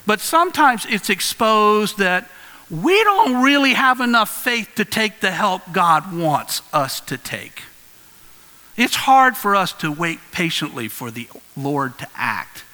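Bright, high-voiced preacher in a reverberant hall. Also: male voice. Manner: earnest, conversational, animated storytelling. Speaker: pastor. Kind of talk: sermon.

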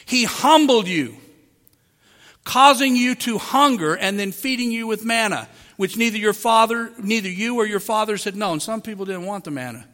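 High bright-voiced male preacher in a hall. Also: normal speed. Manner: emphatic preaching with rhetorical questions to the listeners. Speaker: pastor. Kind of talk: sermon. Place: large room with a congregation. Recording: long hall reverb.

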